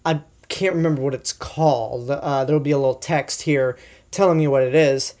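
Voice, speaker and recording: A man's voice: medium pitch, fairly even intonation, moderate pace, darkish tone. A young man giving a casual, chatty film review, enthusiastic and full of asides and fillers. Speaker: movie reviewer.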